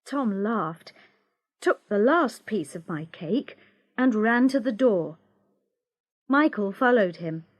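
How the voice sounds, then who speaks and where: A woman reading a story aloud for English learners, slow, clear and expressive. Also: medium pitch, dry recording, dull audio. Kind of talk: scripted narration for English learners.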